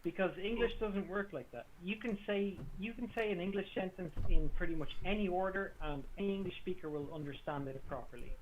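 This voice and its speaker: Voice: medium pitch, brisk, few pauses. A guest voice on a dull, lo-fi microphone with a faint hiss behind it. The speaker argues a point insistently and repeats words to press it home. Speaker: stream guest. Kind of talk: casual conversation. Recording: dull lo-fi mic with faint noise.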